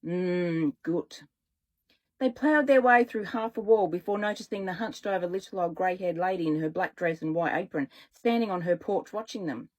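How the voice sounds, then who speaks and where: A woman and children's author reading her own story aloud in a relaxed way, now and then correcting herself. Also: mid-range voice, brisk, few pauses, rough recording.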